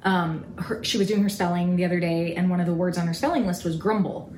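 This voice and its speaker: A woman co-hosting a faith talk show, telling a family story in a lively, animated way. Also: on the low side, fast. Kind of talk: casual storytelling chat. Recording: echoey room with faint noise.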